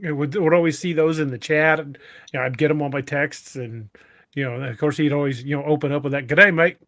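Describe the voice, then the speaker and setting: A man's voice: a little high, fairly even intonation, quick pace. A man hosting a podcast, chatting casually and chuckling as he remembers a friend. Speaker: podcast host.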